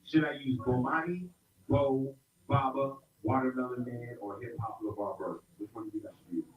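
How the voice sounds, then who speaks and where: A man's voice: mid-range voice, brisk. A middle-aged man from South Carolina teaching a hip-hop rhyming workshop to a group, upbeat and playful, with call-and-response. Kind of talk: interactive workshop lesson. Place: indoor room with an audience. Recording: roomy, distant, dull sound.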